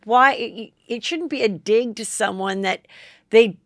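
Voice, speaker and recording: A woman's voice: a little high, measured pace, dry recording. Female podcast host, conversational, dry close mic. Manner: chatty, lots of "like" and "you know". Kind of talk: casual chat.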